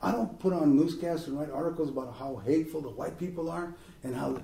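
Gravelly man speaking in a roomy hall. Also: a little high, fairly quick, recorded from a distance. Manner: animated, jokey, slips into impressions. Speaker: author at a book talk. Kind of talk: talk and Q&A to a live audience.

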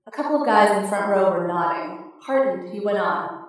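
A woman reading a novel aloud in steady, wry audiobook narration. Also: medium pitch, a little fast. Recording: echoey, distant mic.

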